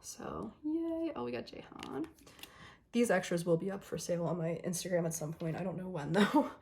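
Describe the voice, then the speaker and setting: A young woman chatting casually through an unboxing, gushing and excitable, and losing her voice. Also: on the low side, normal speed, gravelly. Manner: gushing, excitable, lots of ums and laughs. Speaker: vlogger.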